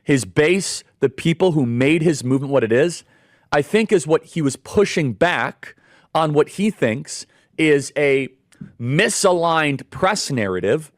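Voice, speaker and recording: A man in a played clip giving political commentary in a steady, formal way, listing points one after another. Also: a little high, unhurried, no echo, clean studio sound.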